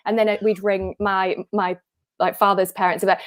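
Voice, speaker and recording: A woman in her thirties chatting on a live stream. She tells stories in a lively, easy way and lets quoted people take over her voice for a line or two. Her voice sits at a middling height. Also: mid-range voice, fairly quick, no room sound. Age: 30s. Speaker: impressionist and show guest. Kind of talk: live-streamed chat telling anecdotes.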